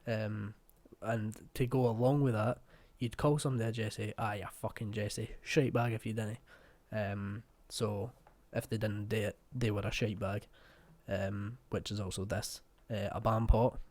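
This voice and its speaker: A man's voice: lowish voice, fairly even intonation, normal speed, a little mellow. A man with a West of Scotland accent hosting a reaction video, talking casually, swearing bluntly and joking.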